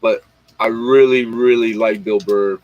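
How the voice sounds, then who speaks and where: This livestream host speaks in a lowish, slightly mellow voice with fairly even intonation and a measured pace. He rambles through a casual late-night stream in slang, addressing viewers directly and retelling comedy bits. The lo-fi recording has no echo.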